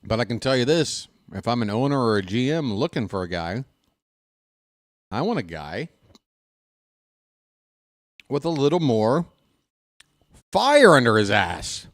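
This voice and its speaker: A man's voice: medium pitch, very animated, a little slow, pauses often, dry recording. A man ranting sarcastically and with exasperation as a fan commentator, in casual live baseball talk on a close desk mic.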